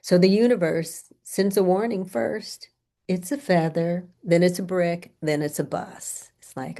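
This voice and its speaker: A middle-aged woman therapist lectures on grief, weaving in client stories at a very slow, unhurried pace. Her voice sits slightly low with a noticeable gravelly fry. She often softens almost to a whisper. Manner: soft-spoken, unhurried storytelling, drops to near whispers. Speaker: grief therapist presenting a training.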